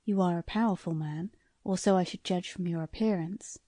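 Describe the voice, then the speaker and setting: A woman voicing a shrewd, eager older lord who questions a visitor in a courteous, soft-spoken way. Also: on the low side, moderate pace, dry recording, clean studio sound, voice pushed down, natural voice. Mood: probing.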